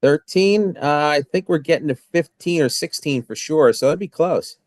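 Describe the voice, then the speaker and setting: Man, podcast guest, brief dry replies, slightly high voice, dry sound. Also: normal speed, dry recording. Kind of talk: casual chat.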